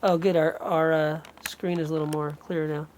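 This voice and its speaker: A man's voice: on the high side, level tone, moderate pace, darkish tone, slight background noise. A man working as an energy healer, thinking aloud and breaking off mid-sentence as he runs a live remote healing session. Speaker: radio show host.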